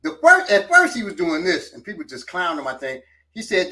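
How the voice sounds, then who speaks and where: Bright high-voiced male self-defense instructor. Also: fairly quick, far from the mic. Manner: animated, coaching while demonstrating moves. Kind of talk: casual demonstration talk.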